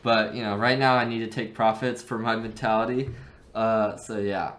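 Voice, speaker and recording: A young man giving a loose, filler-heavy trading recap in a casual vlog, his voice going hoarse. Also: lowish voice, little pitch movement, normal speed, a bit bright. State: losing his voice. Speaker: stock trading YouTuber. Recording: echoey room.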